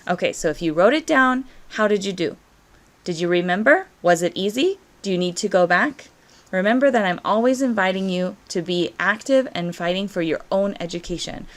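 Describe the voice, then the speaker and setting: A woman teaching a Spanish grammar lesson, encouraging her students and modeling slow, drilled Spanish forms between quicker English explanations. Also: mid-range voice. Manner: encouraging, coaxing students to pause and practice.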